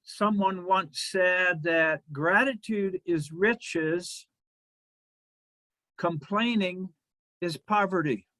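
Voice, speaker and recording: This sermon comes from a minister whose fairly high voice is bright and forceful. He speaks slowly, letting phrases settle between pauses, recorded up close and dry with no room sound.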